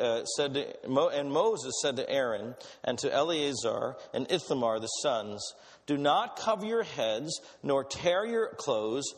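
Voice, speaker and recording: Lively preacher in a reverberant hall. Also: male voice, fairly high pitch. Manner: animated, conversational preaching that asks the audience questions. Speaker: pastor. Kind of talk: sermon.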